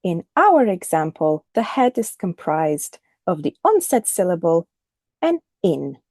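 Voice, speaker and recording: A woman teaching a recorded lesson, speaking clearly and deliberately and modelling the intonation of example phrases. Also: on the low side, big pitch swings, a little mellow, no room sound, clean studio sound. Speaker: English teacher.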